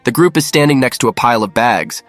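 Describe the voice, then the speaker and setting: Male narrator, mid-pitched, even matter-of-fact read, dry close sound. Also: quick pace, no room sound, faint music behind. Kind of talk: scripted narration.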